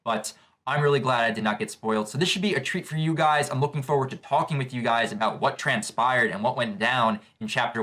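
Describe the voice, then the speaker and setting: A man's voice: medium pitch, a bit bright. A man hosting a live manga reaction video, eagerly describing each panel as he reads along. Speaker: manga reaction channel host.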